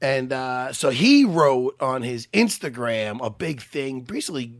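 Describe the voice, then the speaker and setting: A man's voice: medium pitch, sing-song, measured pace, no echo, clean studio sound. A man co-hosting a podcast in casual chat, laughing, swearing and getting emotional as he rambles. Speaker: podcast co-host.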